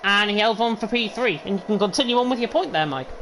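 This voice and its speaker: A man giving rapid, excited play-by-play commentary on an online racing league. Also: sits high, a little hiss or hum. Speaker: lead commentator.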